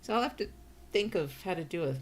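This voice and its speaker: A woman's voice: lowish voice, expressive, quick pace, a little hiss or hum. A woman with an Australian accent chatting casually on a livestream, musing aloud and laughing often. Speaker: streamer and writer.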